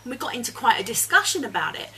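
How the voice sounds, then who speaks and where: A woman's voice: a little high, big pitch swings, rapid-fire, sharp tone, slight background noise, low-quality recording. A woman guest chatting earnestly as an eco campaigner, laughing often, recorded at a home dining table. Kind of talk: casual chat. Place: home dining room, indoors.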